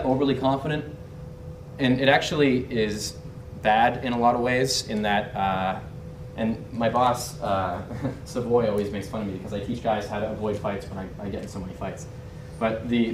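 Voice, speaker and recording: Recorded on a distant mic in a roomy space with a slight hiss or hum, a young man with a mid-range voice gives a casual storytelling lesson on body language. As a dating and body language instructor, he tells his story candidly and brashly, cursing and laughing as he goes.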